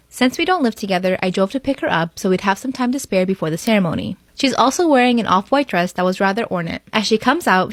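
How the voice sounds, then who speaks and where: A woman reading online stories aloud in a fast, even storytelling voice. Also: mid-range voice, dry recording.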